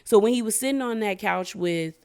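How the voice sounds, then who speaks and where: A woman's voice: mid-range voice, a little fast, darkish tone, smooth. A woman recapping a reality show in a casual, opinionated, slangy way, talking straight to her viewers. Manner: gossipy, opinionated, slangy, addresses viewers directly.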